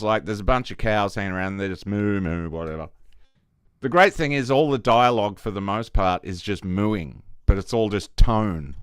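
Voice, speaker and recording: Male solo podcaster, low smooth voice, loose rambling delivery with swearing and restarts. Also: a bit bright, no room sound, clean studio sound. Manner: rambling, profane, many restarts. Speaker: podcast host. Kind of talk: casual solo monologue.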